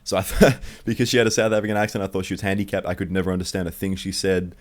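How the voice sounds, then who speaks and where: A man's voice: sits low, fairly even intonation, racing. A young man telling a true childhood story in one take, rambling and profane.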